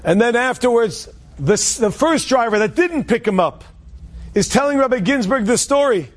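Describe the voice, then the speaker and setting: Man, high voice, casual inspirational storyteller, loose and restarting, Hebrew words sprinkled in. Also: animated, moderate pace. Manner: conversational, with frequent restarts and Hebrew and Yiddish terms.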